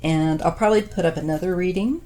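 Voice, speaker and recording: A woman in her fifties giving a casual tarot reading, thoughtful and unhurried with many pauses, her voice wearing thin. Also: lowish voice, dark tone. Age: 50s. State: losing her voice. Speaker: tarot reader.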